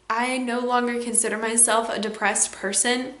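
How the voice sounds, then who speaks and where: Young woman, personal vlog, candid, teary, bright tone, echoey room. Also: on the high side, level tone, normal speed, few pauses. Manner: candid, emotional, with frequent "like" and "um". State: on the verge of tears. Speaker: vlogger.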